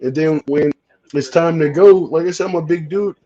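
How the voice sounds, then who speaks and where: A man's voice: fairly high pitch, moderate pace, mellow, muffled recording. A man chatting casually as host, cursing often and stammering through repeated words. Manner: profane, stammering, repeats himself. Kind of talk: casual chat.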